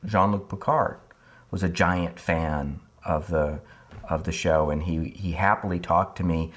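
Male writer interviewed, very deep voice, measured. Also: fairly even intonation, a bit bright. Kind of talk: documentary interview.

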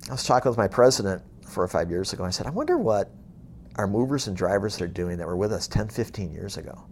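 A man's voice: low voice, fast talker, slight background noise. A middle-aged man giving a blunt, plain-spoken motivational talk to staff, telling stories and acting out the dialogue. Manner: lively storytelling, acting out dialogue. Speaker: business executive speaking to staff.

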